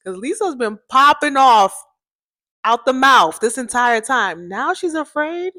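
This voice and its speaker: A young woman hosting a podcast, telling a personal story in a chatty, animated way, often laughing and speaking straight to her listeners. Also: high voice, a little slow, no room sound, clean studio sound. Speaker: podcast host.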